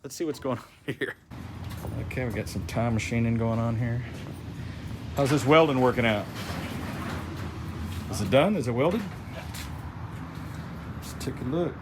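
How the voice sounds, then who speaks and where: Chatty excitable man, noisy camera audio. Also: medium pitch, a little slow, pauses often. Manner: chatty, excitable, laughs often. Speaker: vlogger. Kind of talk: casual walk-around vlog. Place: trailer and workshop yard.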